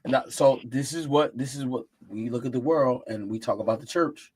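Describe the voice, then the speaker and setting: A man hosting a casual chat, rambling and halting with many restarts. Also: mid-range voice, darkish tone, husky, poor audio. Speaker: host.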